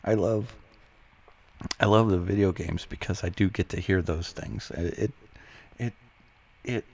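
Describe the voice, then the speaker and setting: A man's voice: sits low, darkish tone. A middle-aged man hosting his show in a casual, rambling monologue, laughing often and swearing freely. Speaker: show host, retired Army veteran.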